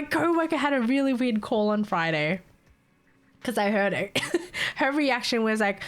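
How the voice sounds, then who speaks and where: A woman's voice: on the high side, animated, brisk. A young woman talks casually to her stream viewers at a desktop mic. She is chatty, swears freely and breaks into laughter often.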